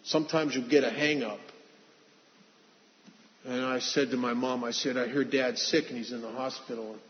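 A man's voice: medium pitch, fairly even intonation, normal speed. A man earnestly sharing a confessional personal testimony, restarting phrases as he goes. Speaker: speaker sharing his recovery story. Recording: dull reverberant hall recording.

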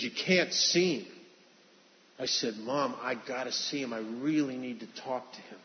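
This man shares his recovery story in an earnest, confessional testimony, starting phrases over as he talks. His voice is medium in pitch, with a little hiss or hum, recorded in a dull, reverberant hall.

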